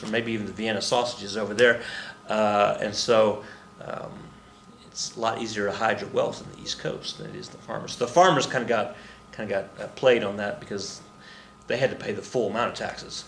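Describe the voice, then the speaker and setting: A man's voice: on the low side, fairly even intonation, a little fast, gravelly, a bit bright, echoey room, slight background noise. A man teaching a casual recorded history lesson, rambling and jokey, muttering to himself and acting out the people he quotes.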